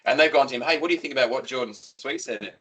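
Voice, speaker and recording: An Australian man co-hosting a casual footy podcast, excitable and rambling, swearing freely as he tells stories. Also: mid-range voice, very fast. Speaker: podcast co-host. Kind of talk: casual chat.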